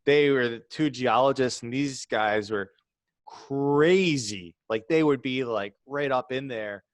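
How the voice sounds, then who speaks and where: A man's voice: medium pitch, takes it slowly, dry recording. A man co-hosting a casual podcast, rambling with fillers and restarts. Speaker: podcast co-host. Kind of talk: casual chat.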